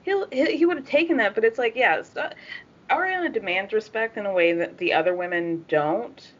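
A woman co-hosting a casual reality-TV recap chat, animated and swearing casually. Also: on the high side, moderate pace, highs cut off. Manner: animated, laughs often, swears.

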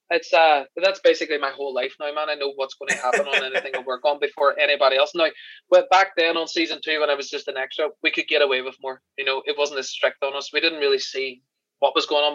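An Irish man tells lively, profane stories at a quick clip. His voice is bright and a touch high, recorded dry with a slightly dull, lo-fi sound. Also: dry recording. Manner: animated, swearing, laughing storyteller. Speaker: podcast guest, special effects crew member. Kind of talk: casual storytelling chat.

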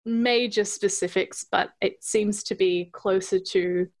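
A woman's voice: medium pitch, fairly even intonation, unhurried, a little mellow. Chatty Australian woman with Adelaide accent. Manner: chatty, laughs often, hesitant with ums. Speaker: podcast co-host. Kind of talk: casual chat.

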